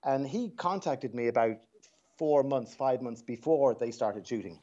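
Irish male dialect coach, mid-pitched voice, reflective storyteller, muffled lo-fi line. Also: unhurried, warm tone. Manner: reflective, anecdotal, with frequent restarts. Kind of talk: radio interview guest.

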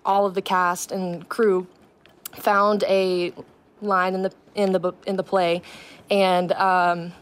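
A woman's voice: fairly low pitch, little pitch movement, slow pace. A woman actress speaking as a guest in a radio interview, earnest and eager with frequent ums.

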